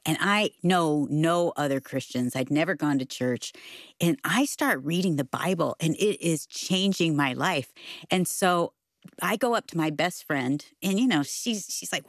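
A woman co-hosting a radio show, telling a personal story in an animated, chatty way. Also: on the low side, normal speed, dry recording, studio quality. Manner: animated, acts out her own story. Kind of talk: casual storytelling chat.

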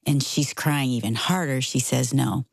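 A middle-aged woman telling a personal story in casual conversation, animated and acting out the voices of the people in it. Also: low voice, moderate pace, gravelly, no room sound. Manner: animated, acts out quoted voices. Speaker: guest.

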